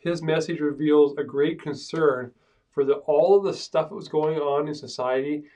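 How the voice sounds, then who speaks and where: A man's voice: a little high, moderate pace, warm tone. A man, a pastor, teaching a Bible survey class in a conversational way, often checking in with "right?". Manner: conversational, with frequent "right?" asides and restarts. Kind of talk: casual classroom lecture. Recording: speaker far from the mic.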